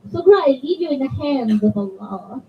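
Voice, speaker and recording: Brief: woman voicing a tender, grave father, soft and steady, heard through a dull, distant mic. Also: high voice, normal speed, slight background noise. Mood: solemn tender. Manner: calm, soft, reassuring. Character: gentle, solemn father comforting his daughter.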